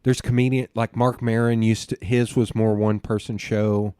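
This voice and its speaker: A man hosting a casual podcast interview. He rambles excitedly from one tangent to the next. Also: on the low side, moderate pace, clean tone, no echo, studio quality. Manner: rambling, excitable storyteller who jumps between tangents. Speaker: podcast host.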